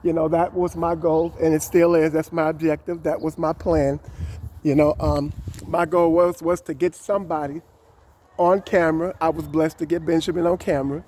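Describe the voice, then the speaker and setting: A man's voice: fairly high pitch, flat delivery, moderate pace, darkish tone, slight background noise. A man talking to camera in a rambling, encouraging way, with many fillers, recorded outdoors. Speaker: vlogger. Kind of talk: casual talk to camera.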